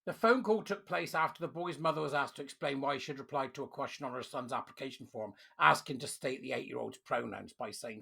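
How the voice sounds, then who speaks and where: Commentator, angry rant to camera, bright forceful tone with a gravelly rasp. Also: medium pitch, fairly quick, few pauses. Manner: furious, ranting, emphatic. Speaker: online commentator.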